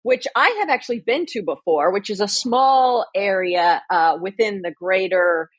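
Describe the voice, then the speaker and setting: A woman's voice: mid-range voice, moderate pace, no room sound. A woman co-hosting a podcast in casual chat, effusive and chatty, often restarting her sentences. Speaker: podcast co-host.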